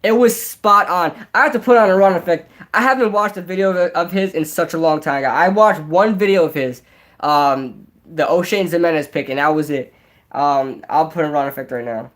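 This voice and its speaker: A young man with a nasal, high-pitched voice chatting casually and rambling on a live sports stream. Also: normal speed, a bit bright. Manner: rambling, filler-heavy, restarts. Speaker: sports vlogger.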